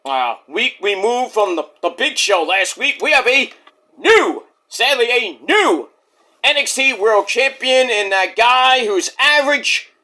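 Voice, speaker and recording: A man's voice: extremely high pitch, big pitch swings, a little slow, pushed and bright. A man casually reviewing a wrestling show in a rambling, jokey, profane way.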